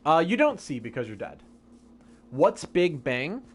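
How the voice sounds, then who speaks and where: A man's voice: on the high side, sing-song, unhurried. A young man live-streaming a game, casually and patiently explaining science questions from chat.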